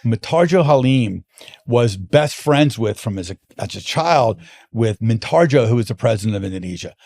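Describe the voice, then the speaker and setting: A gravelly-voiced man with a mid-range pitch speaks at a moderate pace as an interview guest. He's a wine importer, and in this casual chat he tells long, animated stories, restarting himself frequently.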